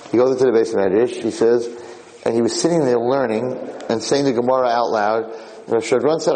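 Animated rabbi in an echoey hall. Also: male voice, medium pitch, a little fast. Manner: animated storyteller, repeats and restarts phrases. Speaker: rabbi giving a Torah class. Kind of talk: informal Torah lecture.

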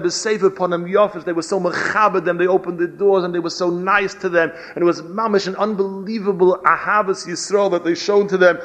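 A man giving a storytelling sermon as a rabbi, animated and weaving Hebrew and Yiddish terms into his English. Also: high-pitched. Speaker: rabbi giving a Torah lecture. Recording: dull lo-fi recording.

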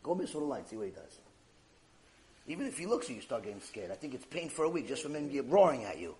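A man's voice: medium pitch, very animated, quick pace, a little mellow. A man giving a Torah class, telling the story with animation and acting out the dialogue. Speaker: Torah lecturer.

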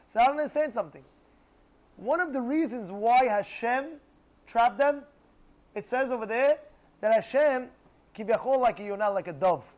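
A man's voice: very high voice, lively intonation, normal speed, pauses often, darkish tone, rough recording. A man giving a Torah class, quizzing his listeners and acting out pleas to God. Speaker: Torah teacher.

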